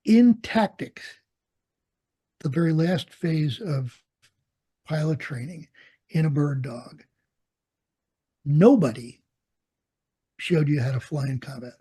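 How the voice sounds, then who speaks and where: Older man, veteran interviewee; husky, mellow voice, lively storyteller who acts out the dialogue. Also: a little high, slow pace, long pauses. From United States. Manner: animated storyteller, acts out quoted dialogue, laughs often. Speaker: interviewee, Vietnam veteran pilot. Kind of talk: storytelling in an oral history interview.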